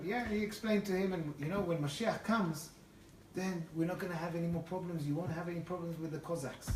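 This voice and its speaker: A man giving an animated storytelling lecture as a Torah teacher, often restarting his phrases. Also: fairly high pitch, a little fast. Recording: echoey room, far from the mic, faint noise.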